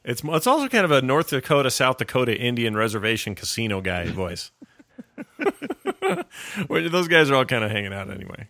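A man's voice: mid-range voice, big pitch swings, fairly quick, gravelly, pauses often, pushed and bright, no room sound, clean studio sound. A man hosting a casual podcast, joking, laughing often and rambling through asides. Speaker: podcast host.

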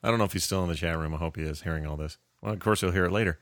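Podcast co-host, man, low voice, dry close sound, jokey reader of listener mail. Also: very fast, a bit bright, dry recording. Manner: jokey, reads listener messages aloud. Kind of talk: casual podcast banter.

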